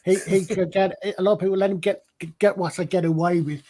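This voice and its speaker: A man's voice: high voice, fairly even intonation, fast, warm tone. Rambling Scottish man on a panel. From Scotland. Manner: rambling, with frequent restarts. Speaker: panel member. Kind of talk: casual panel chat.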